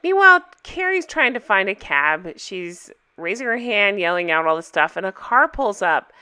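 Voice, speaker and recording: A young woman recapping a TV episode in a casual, chatty vlog, enthusiastic and quoting lines in lively voices. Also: medium pitch, normal speed, clear, resonant tone.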